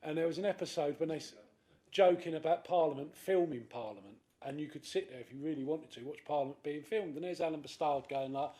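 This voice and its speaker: A man, a councillor speaking in a committee debate, animated and acting out other people's voices. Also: fairly high pitch, quick pace. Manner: animated, acts out quoted voices. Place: council chamber.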